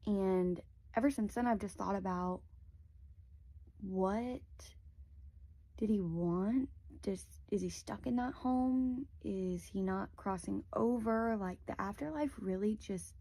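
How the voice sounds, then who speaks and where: A woman's voice: mid-range voice, takes it slowly, creaky, dark tone, dry recording. A young woman telling a personal story in a casual, rambling way, full of "like" fillers, close to a phone mic.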